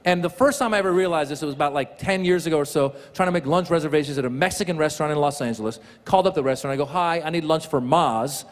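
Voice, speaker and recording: A man doing a stand-up comedy set at a live show, talking in an animated way and jumping into shouted voices. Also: on the high side, very fast, few pauses. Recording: live hall with crowd and noise.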